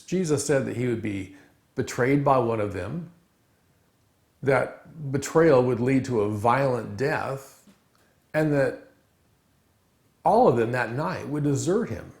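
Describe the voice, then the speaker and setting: Male chapel speaker, sermon, lively storytelling, gravelly tone, reverberant room sound. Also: medium pitch. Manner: animated storytelling with dramatic emphasis. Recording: roomy echo.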